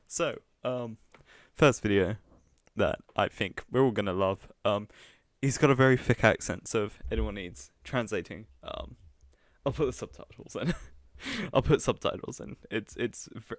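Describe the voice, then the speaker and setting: A man's voice: medium pitch, no room sound. A man live-streaming casual reaction commentary, chatty and mocking, often laughing at what he watches.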